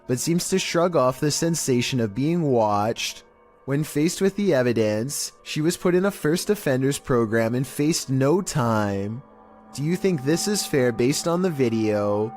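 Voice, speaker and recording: Male host, scripted countdown narration, flat monotone read, mellow tone, faint music behind. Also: medium pitch. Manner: monotone, even delivery.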